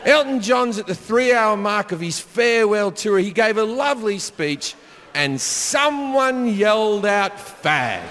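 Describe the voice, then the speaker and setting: Bright-voiced, profane male stand-up comic. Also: sits high, expressive, measured pace, slight background noise. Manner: profane storytelling, mimicking people in loud bursts. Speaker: stand-up comedian. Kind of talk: stand-up comedy set. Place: comedy stage before a live audience. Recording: live stage with long hall reverb and faint crowd ambience.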